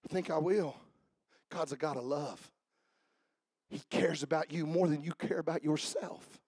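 A man preaching a sermon, swinging from shouted fiery passages to quiet asides. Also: fairly high pitch, unhurried, slightly rough, dry recording, studio quality. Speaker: pastor.

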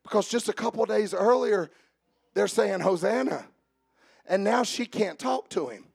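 A man preaching an Easter sermon in church, joking quietly with the congregation and then building to loud, drawn-out preaching. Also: sits high, lively intonation, creaky, slightly rough, soft background music.

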